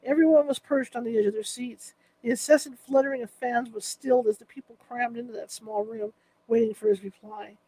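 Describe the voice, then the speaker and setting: A woman's voice: a little high, fairly even intonation, fairly quick, warm tone, breathy edge, poor audio. A woman narrating a true-crime courtroom story in a vivid, dramatic manner.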